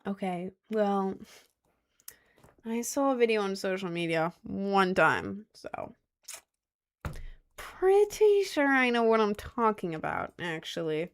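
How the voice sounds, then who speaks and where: A woman's voice: medium pitch, very animated, slow pace, long pauses, clear, resonant tone. Giggly young woman chatting on stream. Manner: giggly, rambling and slangy, with self-conscious asides. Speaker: streamer reading chat. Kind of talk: casual live-stream chat.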